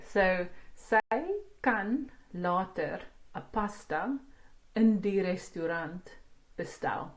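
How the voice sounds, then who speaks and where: A woman teaching a language lesson, explaining grammar slowly and translating each example sentence. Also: mid-range voice. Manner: slow, explaining each word and translating line by line.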